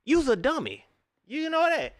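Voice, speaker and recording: A young man is hosting a live postgame stream in a dry, close setting, with almost no echo. his voice sits high for a man and swings all over the place. he rants in heated, slangy bursts, keeps repeating himself, and mocks the quotes he is reacting to. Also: huge pitch swings, normal speed. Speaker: livestream host. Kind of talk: animated postgame reaction talk.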